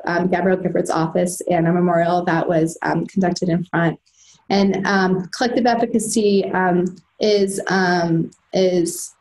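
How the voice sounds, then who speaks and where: Vrouw die aarzelend een lezing geeft. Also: female voice, on the low side, a little mellow, rough recording. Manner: hesitant, many fillers and restarts. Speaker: presenter at a telehealth training. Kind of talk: recorded slide-lecture presentation.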